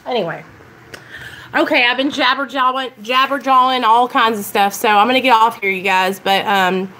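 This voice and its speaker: A young woman chatting loudly and excitedly on a live stream about her recovery, talking straight to her viewers. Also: a little high, moderate pace. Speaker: recovery vlogger. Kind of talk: casual live-stream chat.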